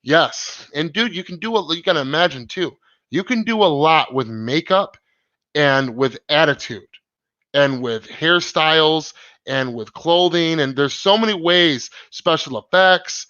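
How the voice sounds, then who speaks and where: A man hosting a live stream, chatting casually in an excited, rambling, slangy way with many restarts. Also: a little high, a little slow, no room sound, lo-fi sound.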